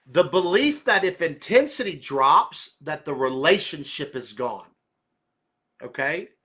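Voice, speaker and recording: A man's voice: on the high side, pushed and bright. A man pastor giving a conversational sermon, earnestly checking in with listeners and often rephrasing mid-thought.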